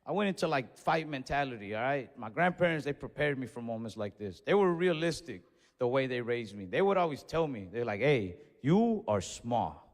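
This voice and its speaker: A man doing stand-up comedy, telling a story in an animated way and acting out what people said. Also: medium pitch, fairly quick, long reverb tail. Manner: animated storytelling with acted-out quotes.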